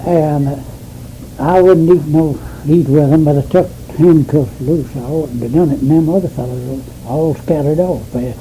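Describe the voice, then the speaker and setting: A man's voice: fairly high pitch, moderate pace, dark tone, a little hiss or hum, rough recording. An older man, telling a rambling, folksy story as an interviewee and chuckling as he goes. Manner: rambling, folksy, laughs as he tells it.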